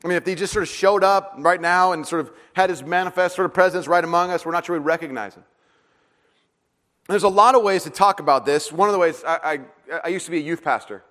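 Long hall reverb surrounds a high, quick-paced male voice. It's a middle-aged pastor preaching, poking fun at himself through stories and acting out the voices of the people in them with lively energy.

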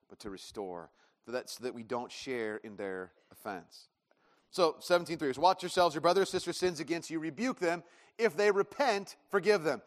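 Preaching in a church auditorium with a long, echoing reverb, a man in his thirties speaks in a high, fairly bright voice. The pastor's sermon is conversational and self-deprecating, with short acted-out exchanges.

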